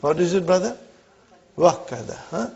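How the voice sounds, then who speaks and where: A man teaching an Arabic grammar lesson to a class, slow and repetitive, often checking whether his listeners follow. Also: high-pitched, animated, creaky, darkish tone, slight background noise. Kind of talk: classroom lecture. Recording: dull lo-fi recording.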